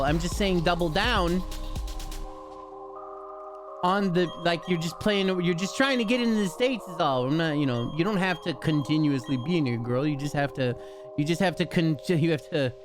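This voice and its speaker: Joking, profane streamer. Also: male voice, a little high. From Chicago, US. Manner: joking, profane, laid-back. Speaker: livestreamer. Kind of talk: casual chat with viewers. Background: music.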